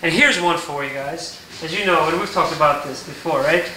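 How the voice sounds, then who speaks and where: Bright-voiced man teaching a home recipe. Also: on the high side, brisk, echoey room, recorded from a distance, slight background noise, rough recording. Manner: relaxed, explanatory, says "okay?" often. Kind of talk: casual cooking tutorial. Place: home kitchen.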